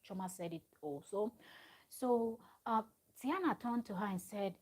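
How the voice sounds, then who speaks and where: A woman's voice: medium pitch, unhurried, mellow, poor audio. A woman chatting at home as she recaps a reality show episode. Her talk rambles along with fillers and restarts. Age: adult parent of a small child. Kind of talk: casual recap chat.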